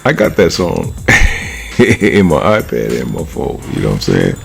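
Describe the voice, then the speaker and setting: A man from California with a deep, gravelly voice rambles through a casual monologue. He is full of slang and swearing, and he keeps checking in with his listener while chuckling between stories. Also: sing-song, moderate pace, soft background music. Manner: slangy, profane, laughs often, repeats "you know what I'm saying". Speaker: vlogger.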